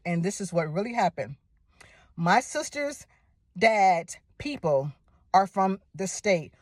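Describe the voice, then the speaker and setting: A woman excitedly telling a personal story to camera, gushing and repeating phrases for emphasis. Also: medium pitch, slow pace, dry recording, clean studio sound.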